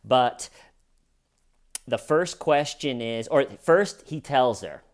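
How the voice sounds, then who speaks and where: A man's voice: medium pitch, lively intonation, slow. A man giving sarcastic, comedic true crime commentary with wry asides.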